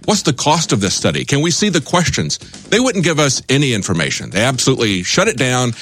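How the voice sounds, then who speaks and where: Measured male reporter on talk radio. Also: medium pitch, sing-song, fairly bright tone, slightly rough, soft background music. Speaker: reporter guest. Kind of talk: radio interview.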